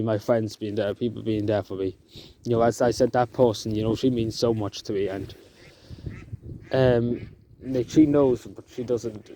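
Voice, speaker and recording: Halting, emotional man outdoors. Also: mid-range voice. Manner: halting, with many fillers and restarts; soft-spoken and emotional. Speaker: vlogger. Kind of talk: emotional outdoor vlog talk. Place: outdoors in the countryside. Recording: outdoor noise in the background.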